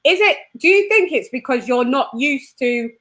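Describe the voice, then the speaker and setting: Bubbly chatty woman host, bright-pitched. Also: lively intonation, normal speed. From United Kingdom. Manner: bubbly, chatty, laughs often. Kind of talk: casual live-stream chat.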